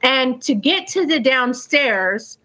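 An animated middle-aged woman recounting a story in casual, profane talk, acting out bangs and voices as she goes. Her voice sits a bit high for a woman. The recording is dull and lo-fi. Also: takes it slowly. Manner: animated, acts out sounds and quotes, swears freely. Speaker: guest telling a personal story. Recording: dull lo-fi sound.

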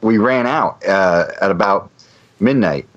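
A man's voice: deep voice, animated, unhurried, muffled recording. A man casually telling a long anecdote, rambling with frequent restarts and fillers. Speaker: guest storyteller.

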